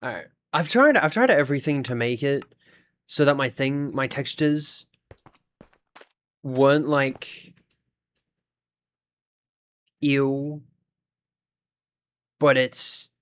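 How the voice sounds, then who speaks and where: A man's voice: medium pitch, lively intonation, slow pace, long pauses, a bit bright. Chatty Australian streamer guy. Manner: rambling, chatty, talks to his chat. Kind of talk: casual gaming livestream chat.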